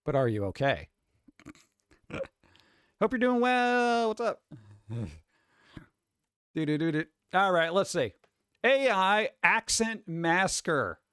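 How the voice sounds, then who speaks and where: Guy streaming live, bouncy expressive voice, kinda high, dry close mic, chats loose and cusses a bit. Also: smooth, no echo. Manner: animated, swears, reads chat aloud. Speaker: streamer host. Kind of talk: casual live-stream chat.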